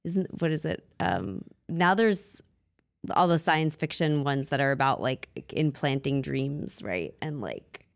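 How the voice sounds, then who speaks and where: A woman co-hosting a podcast, chatty and excitable, jumping in with reactions and her own stories. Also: deep voice, gravelly, no echo, studio quality. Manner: excitable, quick to jump in with gasps and reactions. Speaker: podcast co-host. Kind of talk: casual chat.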